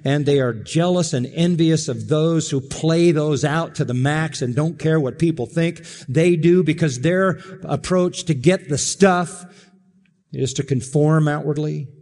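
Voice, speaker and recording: An emphatic man preaching in a voice pitched a little higher than most men's. He leans into each phrase and breaks it up with dramatic pauses. His words ring out with the long reverb of a large hall. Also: darkish tone. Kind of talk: expository sermon.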